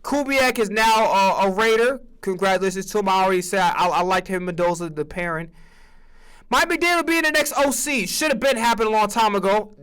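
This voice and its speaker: A man with a fairly high voice rants about football in a loose, profane way. He jumps into acted-out conversations with different voices, swearing freely and talking with lots of energy. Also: fairly quick, smooth. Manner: animated, profane, acts out imagined conversations. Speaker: sports streamer. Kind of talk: profane casual sports rant.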